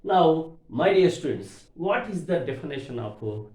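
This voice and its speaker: A man with an Indian English accent teaching an English lesson, repeating words slowly and stressing their syllables. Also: fairly high pitch, very animated, a little mellow. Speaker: English lecturer. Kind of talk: classroom grammar lesson. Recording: echoey room.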